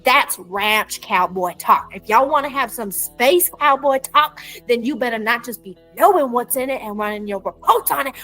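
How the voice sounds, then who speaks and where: A woman's voice: high-pitched, a bit bright, poor audio. A woman giving a comedic promotional monologue in a playful, folksy cowboy persona full of slang. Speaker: clinic business promoter. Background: faint music.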